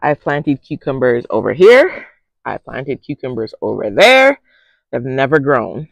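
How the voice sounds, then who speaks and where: A talkative, excitable man gives a casual tour of his home garden. He speaks at a middling pitch on a handheld phone outdoors, and the sound is dry, with no room echo. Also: unhurried, vocal fry. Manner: chatty, excitable, often says "y'all". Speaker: garden vlogger. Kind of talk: casual walk-through vlog.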